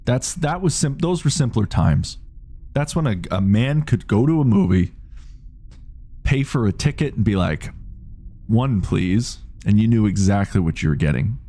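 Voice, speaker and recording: A man's voice: fairly low pitch, animated, normal speed, dark tone. A man in his late thirties chatting casually on a game live stream, rambling, swearing freely and reading out chat messages. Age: 30s.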